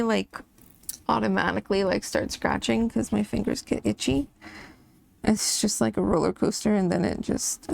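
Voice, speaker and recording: A woman's voice: mid-range voice, vocal fry, darkish tone. A woman hosting a coloring channel, chatting casually and rambling about her family while she colors, laughing now and then.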